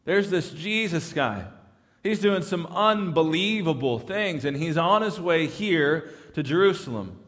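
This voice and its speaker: A man's voice: on the high side, expressive, normal speed, a bit bright, big-room sound. A man preaching a sermon as pastor, speaking emphatically and often restarting his phrases. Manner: emphatic, repeats words when restarting. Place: church sanctuary.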